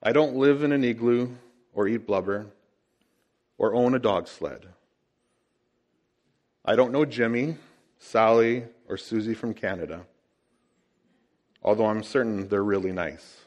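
A man quoting a patriotic ad rant in a low, leaning-in voice that builds with enthusiasm. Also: animated, measured pace, lo-fi sound. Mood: low, confiding. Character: man in flannel delivering a proud patriotic rant.

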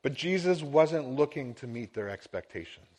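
A man's voice: mid-range voice, expressive, normal speed, a little mellow. A middle-aged man preaching a sermon as a pastor, earnest and building to emphatic swells.

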